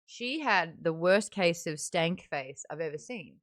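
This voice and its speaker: A woman's voice: on the low side, expressive, moderate pace. Chatty Australian woman streaming live. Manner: chatty, reads viewer comments aloud, breaks into laughter. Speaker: livestream book club host. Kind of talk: casual live-stream chat. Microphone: desk microphone beside a webcam.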